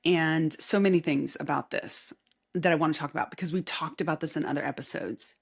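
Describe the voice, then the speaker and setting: A woman hosting a casual solo podcast with a light Southern accent, chatty and rambling, often laughing and dropping into soft asides. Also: sits low, steady tone, brisk, vocal fry, breathy edge. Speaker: podcast host. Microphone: camera mic facing the speaker.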